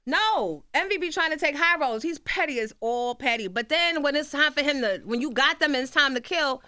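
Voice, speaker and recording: A woman's voice: high-pitched, expressive, fairly quick, sharp tone, no room sound. A woman radio host talking candidly and bluntly in a radio studio, brash and feisty.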